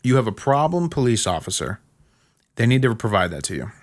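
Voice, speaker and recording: A male podcast host talking casually, laying out firm instructions one short sentence at a time. His pitch sits in a middle range but swings widely as he stresses key points. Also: big pitch swings, a little fast. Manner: emphatic, gives blunt step-by-step instructions. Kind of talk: casual advice monologue.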